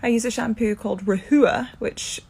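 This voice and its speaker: A woman's voice: normal speed, vocal fry, slightly rough. Scottish woman in her thirties, casual and chatty, tired and half-asleep, recorded herself at home. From Scotland. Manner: chatty, with lively upward jumps in pitch. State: low energy, half asleep. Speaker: actor answering fan assumptions. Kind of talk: casual chat. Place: indoors at home, in one room.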